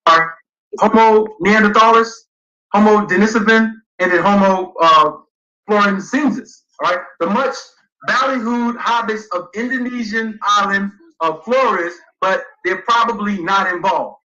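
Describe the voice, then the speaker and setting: High bright-voiced man, emphatic lecturing. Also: a little slow, reverberant, highs cut off. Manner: emphatic, reads passages aloud and argues point by point. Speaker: guest speaker. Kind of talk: livestream debate lecture.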